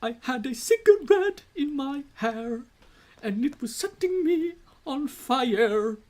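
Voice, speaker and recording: A streamer voicing a rambling male jazz singer in a loud, high, sing-song manner. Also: expressive, slow pace.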